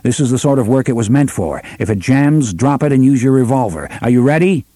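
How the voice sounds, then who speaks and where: A man's voice: medium pitch, animated, fairly quick, mellow, no echo, studio quality, lightly acted. A man doing a brusque young gunslinger leader. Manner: brusque, commanding. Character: stern teenage boy gunslinger leader. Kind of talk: audiobook character voice.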